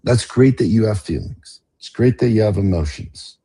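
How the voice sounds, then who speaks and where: A middle-aged man with a low, husky voice hosts a podcast in a casual style. He rants with passion and swears freely, pushing into loud, emphatic bursts. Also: animated, moderate pace. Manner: passionate, profane, builds to emphatic outbursts. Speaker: podcast host.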